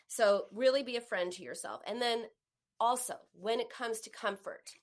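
A woman hosts a live advice show in a mid-range voice. She coaches listeners on how they talk to themselves and acts out quoted self-talk as she goes. Her tone is coaching and encouraging. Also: mid-range voice. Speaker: host giving eating advice.

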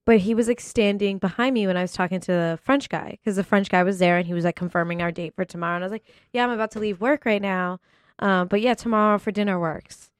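Young woman, chatty storyteller, casual chat, mid pitch, dry close sound. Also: fast, smooth, dry recording. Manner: chatty, fillers like "like", laughs often.

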